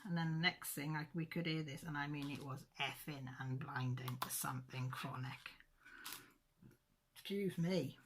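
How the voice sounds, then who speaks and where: A woman's voice: low voice, unhurried, background noise. A woman, chatting casually to her channel viewers and telling a funny story with mild cussing. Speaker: craft channel host. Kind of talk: casual chat.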